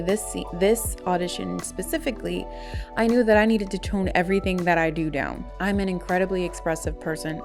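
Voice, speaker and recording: A woman who is an actor narrates her week in a chatty, self-mocking way and laughs often. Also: fairly low pitch. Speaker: actor and vlogger. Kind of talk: voice-over narration. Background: music.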